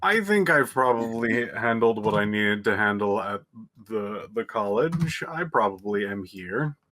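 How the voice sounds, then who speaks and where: A woman player in a tabletop game, relaxed and offhand. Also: rumbling low, unhurried.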